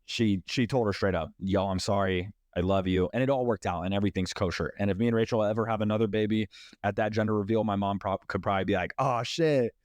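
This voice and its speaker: A man's voice: fairly low pitch, fairly even intonation, quick pace, darkish tone, no room sound. A young man in his twenties hosting a podcast, giving blunt, profane, emphatic relationship advice in a casual monologue. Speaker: podcast host.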